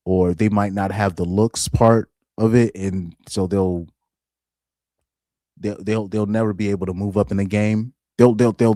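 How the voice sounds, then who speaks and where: A man with a deep voice hosting a casual livestream, reading chat and talking in a loose, rambling way with repeated words and frequent laughs. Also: mellow, no room sound, studio quality. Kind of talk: casual live-stream commentary.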